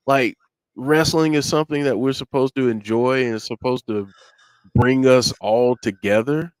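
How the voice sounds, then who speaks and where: A man's voice: medium pitch, normal speed, no echo. A man co-hosting a wrestling talk show, ranting and getting fired up in casual chat. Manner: ranting, gets fired up, self-interrupting. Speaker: podcast co-host.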